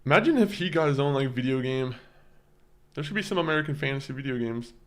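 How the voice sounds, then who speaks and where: A man at a mid pitch talks loosely to his stream audience. He meanders from thought to thought, laughs between sentences, and stumbles over his words as he goes. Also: expressive, fast. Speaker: gaming streamer. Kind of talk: casual chat with stream viewers.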